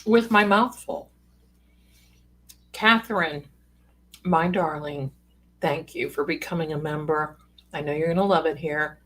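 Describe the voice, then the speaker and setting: A woman's voice: low voice, a little slow, long pauses, fairly bright tone. A woman hosting a live stream as a psychic, talking casually with folksy, sassy asides. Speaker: psychic livestream host.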